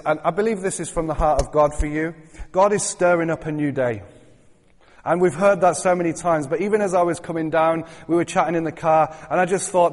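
Chatty male preacher in a reverberant hall. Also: high-pitched. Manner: chatty, joking, rising to fervent calls. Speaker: guest preacher. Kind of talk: sermon. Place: church hall.

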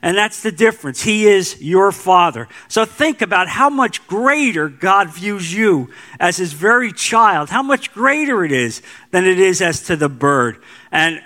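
A middle-aged man preaching a sermon as pastor, with emphatic repeated phrases and slow stressed lines. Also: on the high side, pushed and bright.

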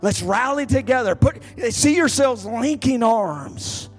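A man preaching a sermon as an evangelist, impassioned and building up to shouting. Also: very high-pitched, animated, measured pace, slightly rough, soft background music. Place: church sanctuary.

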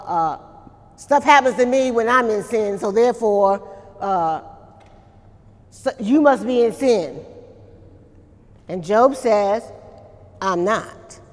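Woman pastor, slow deliberate preaching, slightly high voice, reverberant hall sound. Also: a little mellow. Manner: conversational preaching with many repeated words and questions to the congregation. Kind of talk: sermon. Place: church during a service.

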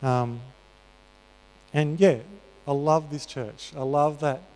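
Male preacher, earnest and chatty, smooth clear tone, fairly high pitch. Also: steady tone, slow, darkish tone. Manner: earnest, conversational, many fillers. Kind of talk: sermon. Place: church hall. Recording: reverberant church hall.

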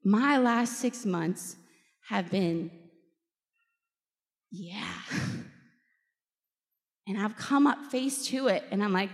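A woman's voice: medium pitch, extremely slow, pauses often. A woman giving a candid personal faith talk to a group, emotional and laughing often as she acts out quoted voices. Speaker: speaker at a faith event. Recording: long hall reverb.

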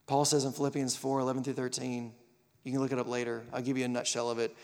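A man preaching a live sermon, animated and acting out the quotes and stories he tells. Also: mid-range voice, quick pace, in a large hall.

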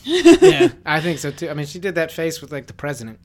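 A man's voice: a little high, wildly swooping pitch. Teasing man hosting his own podcast. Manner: teasing, jokingly self-pitying, quick to laugh. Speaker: podcast host. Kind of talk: casual chat.

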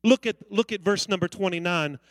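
High-voiced man preaching a sermon. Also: a little fast, no room sound. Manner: preaching with call-outs to the congregation. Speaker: pastor.

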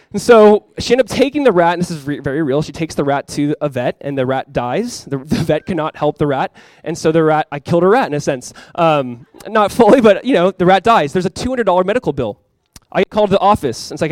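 Fast-talking young male pastor preaching. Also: high voice, dry recording. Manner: casual storytelling with animated acted-out quotes. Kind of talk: sermon.

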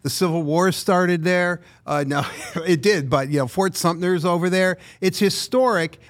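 A man's voice: sits high, normal speed. A man co-hosting a sports podcast, telling long, meandering stories in casual chat. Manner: rambling, meandering storyteller. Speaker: podcast co-host.

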